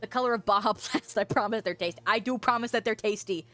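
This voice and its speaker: A woman's voice: medium pitch, fast, a bit bright, soft background music. A young woman streamer from the western United States, chatting casually, reading viewer comments aloud, swearing freely and laughing often.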